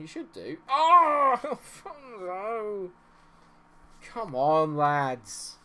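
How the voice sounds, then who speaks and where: A man streams a football management game, his low voice swinging widely as he reacts. He chats with viewers between excitable outbursts at the match, over faint background noise. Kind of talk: live gaming commentary chatting with viewers.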